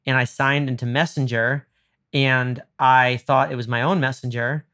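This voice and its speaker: A young man in his twenties chatting casually and spinning a long personal anecdote. His pitch sits in an ordinary middle range, and he bursts into animated voices whenever he quotes someone. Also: moderate pace. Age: 20s. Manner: animated, acts out quoted dialogue with jumps in pitch. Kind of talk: casual storytelling chat.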